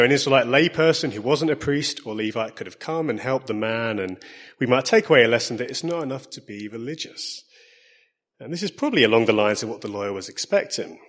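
A man with an Essex accent preaching a sermon in a husky, mid-pitched voice. He speaks in a measured, earnest way and slows down on the points he wants to stress. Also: a bit bright.

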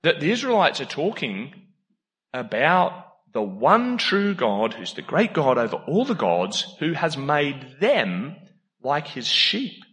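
A man preaching a sermon in a lively, conversational way, laughing often and jumping into sudden emphatic bursts. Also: a little high, slow. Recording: long hall reverb.

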